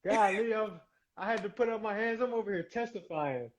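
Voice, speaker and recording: A man hosting a casual interview, reacting in an effusive, animated way. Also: sits high, a little fast, very noisy. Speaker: host.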